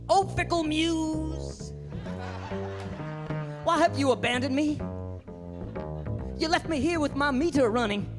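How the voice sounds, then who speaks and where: A man playing a hip male beatnik poet in a fez, delivering jive hipster patter and theatrical verse in a live stand-up character act. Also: very high-pitched. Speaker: stage comedian. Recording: live stage with reverb, music and audience.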